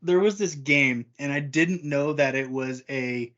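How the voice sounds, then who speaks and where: A man's voice: fairly high pitch, unhurried, a bit bright, muffled recording. A man co-hosting a casual podcast chat, telling a rambling anecdote and laughing often. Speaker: podcast co-host.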